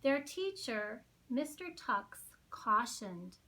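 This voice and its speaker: A woman librarian reading a children's picture book aloud at storytime, slow and expressive. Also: on the high side.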